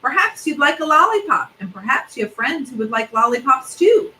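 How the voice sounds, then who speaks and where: Woman reading aloud as a clever calm man, friendly coaxing tone, slightly raised bright voice. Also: high voice, a little fast, echoey room, a little hiss or hum, pitched above the performer's own voice, heavily acted, low-quality recording.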